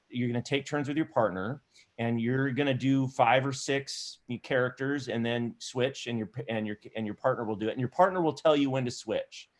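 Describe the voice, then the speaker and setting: A man teaching an improv class over a video call from his laptop, at a mid-range pitch. He is encouraging but rambles, restarting and repeating his phrases as he gives instructions. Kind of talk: coaching an online class.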